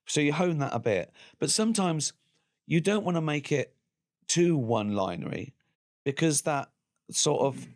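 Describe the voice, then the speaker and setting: A man's voice: animated, normal speed. A man in his sixties with an English accent, a comedian talking casually as a guest and acting out other people's lines. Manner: acts out other people's lines in quoted voices; bursts into high loud laughter. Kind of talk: casual chat.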